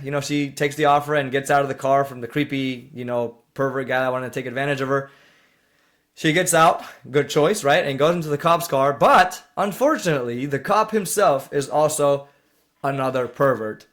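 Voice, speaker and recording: A young man talks through a short film he just watched, at an ordinary middle pitch. He rambles, restarts his sentences and leans on fillers. Now and then he breaks off to scold the characters in an exasperated tone. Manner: rambling, full of fillers and restarts, indignant asides. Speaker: reaction video host. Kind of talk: casual commentary recapping a film.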